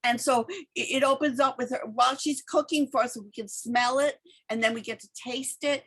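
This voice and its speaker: A woman's voice: a little high, fairly even intonation, brisk, a bit bright, slightly rough. A woman hosting a theater show, reviewing a play and interviewing a guest in an enthusiastic, gushing way.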